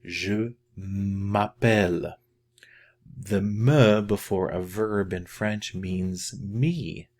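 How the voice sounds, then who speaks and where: Slow, low-voiced man teaching. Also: warm tone. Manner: patient, repeats words slowly to model pronunciation. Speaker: French teacher. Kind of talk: casual video language lesson.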